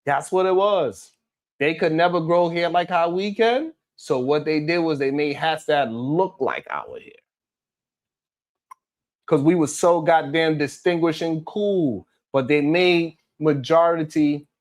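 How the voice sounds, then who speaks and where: Man, fairly high voice, live-stream host, blunt, heated, swears a lot. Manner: blunt, heated and profane, scolding chatters. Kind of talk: casual live-stream talk reading chat.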